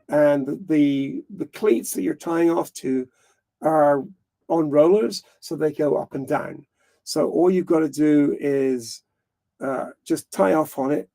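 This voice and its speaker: A man's voice: fairly high pitch, vocal fry, warm tone. A man hosting a live stream, chatting casually in a rambling way, often correcting himself and laughing. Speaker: livestream host.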